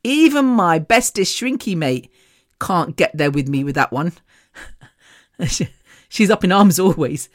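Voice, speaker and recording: A woman's voice: lowish voice, animated, measured pace, long pauses. A woman hosting a podcast, telling a personal story in a frank, chatty way and laughing often between sentences. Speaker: podcast host. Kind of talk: casual storytelling monologue.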